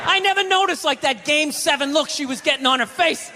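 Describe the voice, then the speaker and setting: A man doing a stand-up routine, ranting in an animated, profane way. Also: very high voice, a little fast. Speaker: stand-up comedian. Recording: live venue reverb with faint noise.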